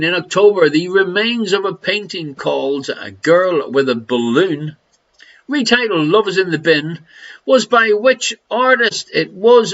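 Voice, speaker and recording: Through dull audio comes a man from Ireland running a live online quiz. His voice sits high with a fairly bright tone, and he teases and jokes, laughing in between the questions.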